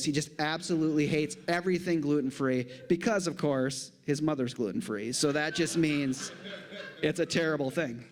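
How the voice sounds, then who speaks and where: A middle-aged man giving a humorous conference talk to a church audience, animated, with jokey asides. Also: on the high side. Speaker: conference speaker.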